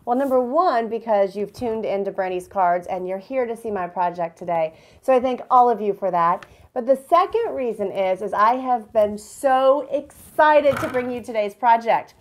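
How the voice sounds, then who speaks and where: A woman's voice: fairly high pitch, animated, normal speed, hardly any pauses. A woman hosting a card-making tutorial, bubbly and enthusiastic, chatting to her viewers. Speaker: crafting channel host.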